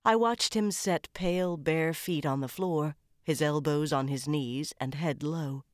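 A woman's voice: low voice, unhurried, no echo. Woman reading a crime novel, dry. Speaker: audiobook narrator. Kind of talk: scripted first-person narration.

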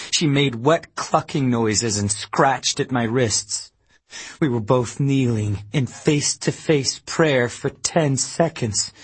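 A man reads a first-person audiobook in a slow, grim, measured way. His voice is husky and mid-pitched. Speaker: audiobook narrator.

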